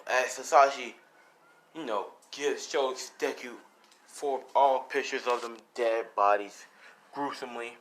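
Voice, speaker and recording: A man's voice: medium pitch, fairly even intonation, a little slow, a bit bright, a little hiss or hum, rough recording. A man casually narrating a fan-made story, rambling with lots of fillers. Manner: rambling, many fillers like "you know" and "as".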